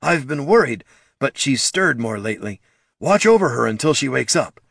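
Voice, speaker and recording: A man voicing a big, weary, gentle male troll who speaks in a calm, patient, firm way. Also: mid-range voice, normal speed, creaky, slightly rough, no room sound, studio quality, voice pushed up, full character voice. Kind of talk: audiobook character voice.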